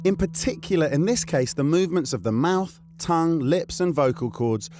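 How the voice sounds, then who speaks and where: A man hosting and narrating a science documentary in scripted voice-over with an expressive, rising and falling delivery. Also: on the high side, moderate pace. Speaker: host and narrator. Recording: voice-over over background music.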